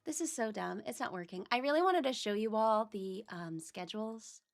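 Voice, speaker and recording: A woman's voice: medium pitch, expressive, moderate pace, soft background music. A woman streamer chatting casually on a livestream, talking to herself as she searches for files. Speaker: VTuber streamer.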